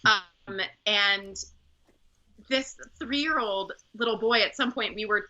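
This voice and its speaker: A woman's voice: medium pitch, takes it slowly, bright, forceful tone. A woman opera singer and company director telling stories in a conversational interview, chatty, with many fillers and restarts. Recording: muffled lo-fi audio.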